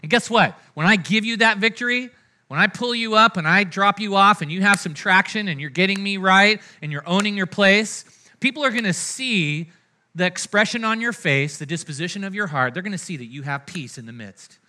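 Man, pastor, sermon, high voice, conversational, loud-to-hushed swings. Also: fairly quick. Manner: conversational preaching, frequent "right?" and "amen?" asides to the congregation.

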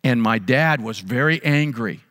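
A man's voice: medium pitch, expressive, measured pace, fairly bright tone. A man, a pastor, preaching a sermon and telling a personal story earnestly, repeating phrases for emphasis. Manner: earnest, repetitive emphasis, frequent restarts. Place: church sanctuary. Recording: long reverb of a large hall.

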